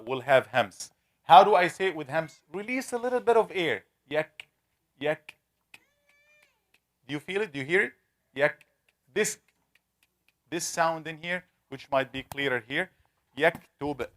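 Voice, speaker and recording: A man's voice: medium pitch, a bit bright. Man teaching a class, drilling sounds. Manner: repeats sounds slowly to demonstrate pronunciation; conversational, asks the class questions. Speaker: Quran recitation teacher. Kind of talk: classroom lesson with questions. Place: classroom with students.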